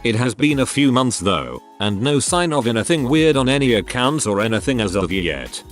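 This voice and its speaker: A man reading online stories aloud as scripted narration, in a lively storytelling manner. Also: mid-range voice, moderate pace, soft background music.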